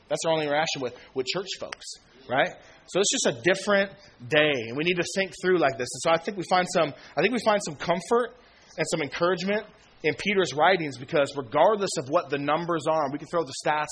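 A man in his thirties preaching a sermon in a relaxed, slangy way, acting out conversations with old friends. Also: on the high side, quick pace. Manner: casual, slangy, acts out quoted friends with laughs. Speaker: pastor.

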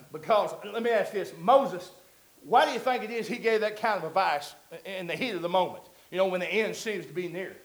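A man with a very high voice preaches a sermon. He talks to the congregation in a conversational way, then climbs to loud, emphatic peaks. His voice rings through an echoey church hall. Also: brisk.

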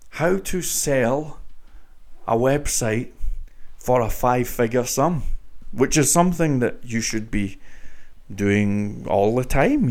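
A man hosting his own show, speaking to listeners in a deliberately slow, mock-grandiose monologue. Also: mid-range voice, darkish tone. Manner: drawn-out, mock-grandiose delivery. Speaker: show host.

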